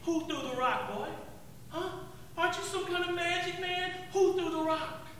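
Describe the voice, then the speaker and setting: A man voicing a brutal, taunting Roman centurion with jeering, bullying shouts. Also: extremely high pitch, moderate pace, slight background noise, pitched above the performer's own voice. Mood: mocking. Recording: echoey hall, distant mic.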